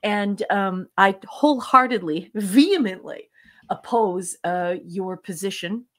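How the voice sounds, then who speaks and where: A woman's voice: medium pitch, a little slow. A woman co-hosting a casual podcast, speaking emphatically and affectionately. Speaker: podcast co-host. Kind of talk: casual chat.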